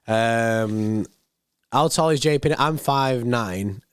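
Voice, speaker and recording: This young man's mid-range voice is worn and hoarse, as if it's going, while he chats loosely on a football stream and reads chat aloud. He wanders and repeats himself at an easy pace, captured dry and near the mic.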